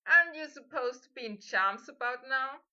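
An inquisitive teenage schoolboy, as a woman reads him. The voice is fairly high and bright, on a lightly muffled, lo-fi audiobook recording. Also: animated, normal speed, full character voice. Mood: curious. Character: curious teenage boy student. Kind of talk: audiobook fan fiction reading.

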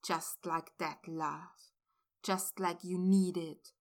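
A woman reading a story aloud, voicing an intense adult man who speaks to his lover in low, murmuring tones. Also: a little slow, bright, forceful tone. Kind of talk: reading fan fiction aloud.

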